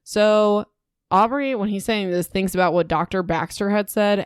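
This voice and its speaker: A young woman hosts a podcast, recapping a book in a casual, animated style full of "like"s and indignant asides. Her voice is smooth and clear at a middle pitch. The recording is dry and close. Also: moderate pace, dry recording. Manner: animated, indignant, chatty with many "like"s. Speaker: podcast host.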